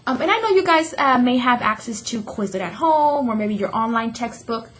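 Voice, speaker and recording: A woman teaching a Spanish vocabulary lesson to students, slowing down to say each word clearly and repeating it for them to echo. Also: fairly high pitch, animated, a little hiss or hum. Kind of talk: classroom lesson.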